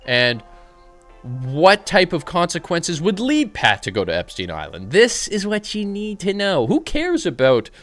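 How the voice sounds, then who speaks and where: A man talks casually on a live trading stream, swinging his pitch up and down as he jokes with viewers. His banter is loose and irreverent, broken up by quick commentary on trades. Faint music plays softly behind him. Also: huge pitch swings.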